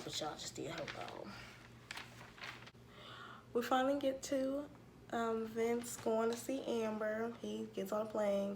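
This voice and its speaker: A woman, giving a sassy, animated recap of a reality show in casual commentary. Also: on the low side, slight background noise. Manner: sassy, animated retelling with acted-out quotes.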